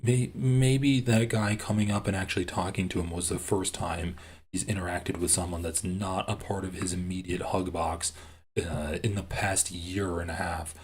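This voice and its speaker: Heated, husky-voiced male streamer ranting. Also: sits low, steady tone, normal speed. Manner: profane, ranting, gets loud and heated. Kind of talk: livestream commentary reacting to clips.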